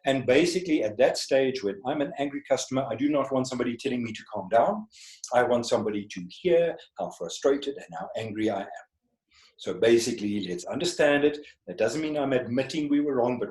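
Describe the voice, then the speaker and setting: A man's voice: mid-range voice, lively intonation, brisk, darkish tone. A man teaching communication skills in an online class, often checking in with his listeners through rhetorical questions. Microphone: video call. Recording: echoey room over a video call.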